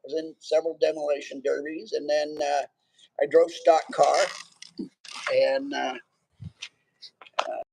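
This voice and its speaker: An older man from Nebraska, a retired Navy veteran, telling about his life in a plainspoken, halting way. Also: on the high side, flat delivery, gravelly, noisy background. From Nebraska, USA. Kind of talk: casual chat. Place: outdoors by a fire.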